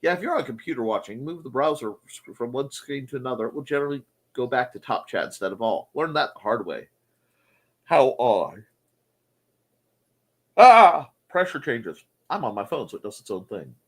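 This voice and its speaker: A man's voice: medium pitch, very animated, normal speed, slightly rough. A man hosting a casual livestream chat from home, playful and chatty as he reads comments. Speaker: host. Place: home room.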